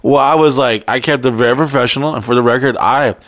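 A man's voice: medium pitch, fast, dry recording. A man hosting a podcast, telling a profane story in casual chat and acting out the lines of the people in it. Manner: profane, animated storyteller who acts out quotes. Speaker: podcast host.

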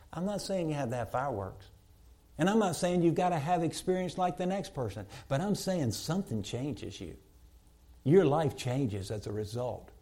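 A man preaching a sermon from the pulpit of a church. His voice is dark and mellow, set at a middle pitch for a man. He climbs to loud, emphatic peaks and then sinks into hushed, intimate lines. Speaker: pastor.

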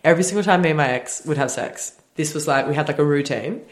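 A young woman, co-hosting a casual chat podcast, blunt and quick to laugh. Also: sits low. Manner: blunt, giggly, joking. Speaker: podcast co-host.

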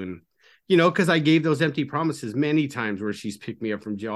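A middle-aged man, a podcast guest and recovery coach, telling his story in an earnest, confiding way that often sinks to a low murmur. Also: animated, normal speed. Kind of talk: candid storytelling interview.

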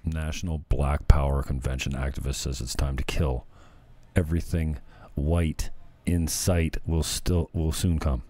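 A man's voice: very deep voice, flat delivery, a little slow, dark tone. A male podcast host in casual solo commentary, rambling and sarcastic.

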